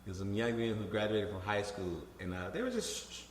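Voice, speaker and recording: A man, a political candidate, talking in a casual interview with animated, profane storytelling and frequent restarts. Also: lowish voice, fast, a little hiss or hum. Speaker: congressional candidate. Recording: echoey room with long reverb.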